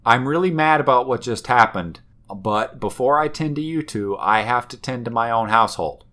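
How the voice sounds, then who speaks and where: A man's voice: mid-range voice, expressive, normal speed, sharp tone. A man putting on the voice of a furious, bossy evil male wizard who rules over monsters. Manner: menacing, sarcastic and bossy.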